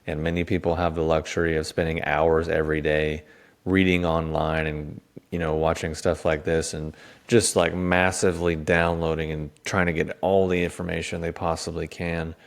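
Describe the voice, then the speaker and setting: Guy w a really deep gravelly voice, rambles excitedly, casual podcast chat. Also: normal speed. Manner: enthusiastic, rambling, lists words in a row. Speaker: podcast co-host. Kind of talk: casual conversation.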